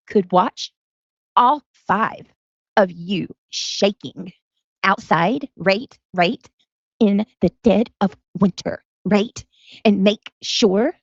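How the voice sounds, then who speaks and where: A woman mockingly imitating a cold, sneering woman, drawing out every word slowly. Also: medium pitch, dry recording. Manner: mocking, slow and drawn-out. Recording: dull lo-fi stream audio.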